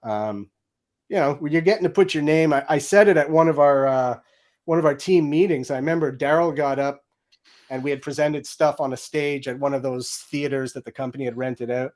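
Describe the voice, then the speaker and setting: Animated storytelling man, higher voice. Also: brisk. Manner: excited storyteller acting out quoted lines. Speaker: guest, game audio director.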